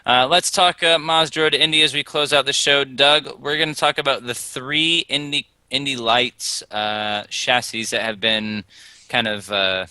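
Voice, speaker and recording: A man's voice: medium pitch, fairly even intonation, normal speed, sharp tone, clean tone, dry recording. A man hosting a motorsport podcast, talking bluntly and swearing casually. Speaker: podcast host.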